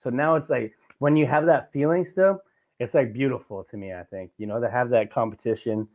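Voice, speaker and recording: A young man, hosting a podcast and talking excitedly about sports, swearing often. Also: medium pitch, brisk. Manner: excited, swears a lot, passionate sports fan. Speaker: podcast host. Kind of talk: casual chat.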